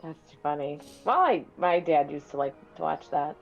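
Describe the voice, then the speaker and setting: A woman chatting casually and reacting with laughter, soft-spoken. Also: deep voice, animated, moderate pace, gravelly, lo-fi sound, soft background music. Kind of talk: casual chat.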